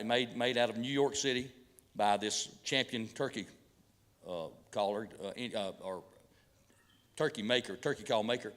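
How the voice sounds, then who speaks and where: A man's voice: mid-range voice, fairly bright tone. A middle-aged man, a pastor telling folksy hunting stories with humor and preaching, full of repeats and restarts. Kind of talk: folksy sermon storytelling. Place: church hall event. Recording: long hall reverb from a church PA.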